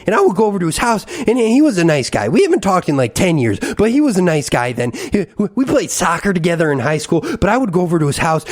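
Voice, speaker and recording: A man hosting a podcast in a casual, rambling monologue, ranting and mocking himself. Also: high voice. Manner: animated, self-mocking ranting. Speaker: podcast host.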